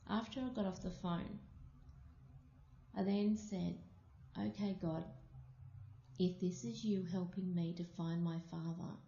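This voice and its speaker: A woman from Australia telling a personal story aloud, slow and deliberate. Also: fairly low pitch, gravelly, warm tone. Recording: muffled, echoey room.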